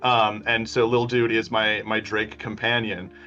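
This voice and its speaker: Easygoing player, laughing, slightly dull audio. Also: male voice, fairly low pitch, level tone, a little slow, pushed and bright, faint music behind. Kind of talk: casual chat.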